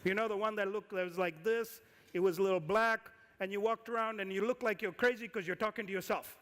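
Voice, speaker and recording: A man giving a conference talk as an investor, lively and firing questions at the audience. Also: high voice, a little fast. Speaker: conference speaker, angel investor. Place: conference hall. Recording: reverberant hall.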